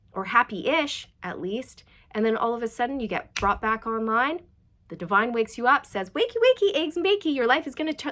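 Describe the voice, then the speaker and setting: A woman's voice: medium pitch, fairly bright tone. A woman giving a chatty, reassuring tarot reading and passing on channeled messages directly to her viewers. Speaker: tarot reader.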